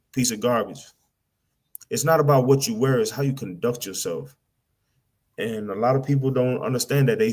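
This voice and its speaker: A man's voice: mid-range voice, a little mellow. Man, preacher type, blunt rant, trips over his words, plain mid-range voice. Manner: blunt, repetitive, slangy, mimics people in asides; stammers and repeats words. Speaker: street preacher.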